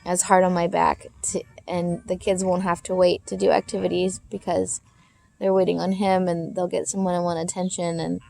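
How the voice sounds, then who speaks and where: Rambling woman with a gravelly voice. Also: on the low side, level tone, moderate pace, darkish tone. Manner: rambling, loose and heartfelt. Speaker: parent vlogger. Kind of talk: casual vlog chat.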